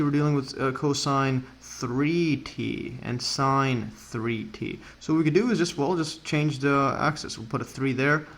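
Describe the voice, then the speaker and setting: A man with a gravelly, fry-edged voice walks through a math lesson step by step. He thinks aloud as he writes, with plenty of "uh"s and quick self-corrections, pitched right in the middle of the male range. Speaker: math tutor.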